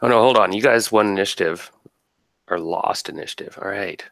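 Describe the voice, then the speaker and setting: A man's voice: fairly low pitch, fairly quick, fairly bright tone, no room sound. A man running a tabletop game as game master, casually narrating combat and thinking aloud over dice rolls.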